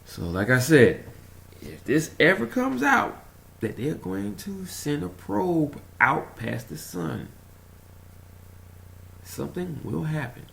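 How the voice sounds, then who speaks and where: A man rambling through a casual vlog monologue, telling a story in an animated way, chuckling and trailing off while he searches for words. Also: a little high, takes it slowly, vocal fry, long pauses. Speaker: conspiracy vlogger.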